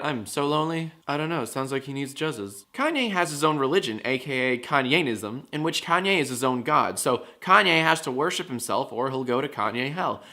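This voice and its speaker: A man's voice: mid-range voice, big pitch swings, normal speed, bright, forceful tone. A man hosting a comedy web show, reading out viewer comments with sarcastic, jokey asides. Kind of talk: fast comedic monologue to camera.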